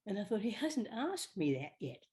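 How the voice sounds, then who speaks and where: An older woman, an actress guest telling chatty, animated stories in an interview. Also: medium pitch, moderate pace. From Australia. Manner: chatty, animated, slips into quoted voices. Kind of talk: anecdotal storytelling.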